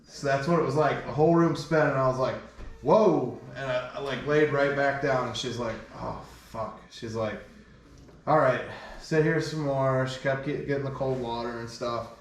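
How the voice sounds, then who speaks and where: Guy telling a crude story on a podcast, acts out all the voices, sounds far off in a boomy room. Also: brisk, few pauses, very echoey, slight background noise. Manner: crude, animated storyteller acting out quotes. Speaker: podcast host. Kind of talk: casual storytelling chat.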